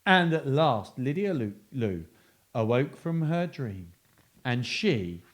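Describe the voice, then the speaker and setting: A man's voice: medium pitch, big pitch swings, takes it slowly. A man hosting a children's story and joke show, talking in a playful, self-mocking way. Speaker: host.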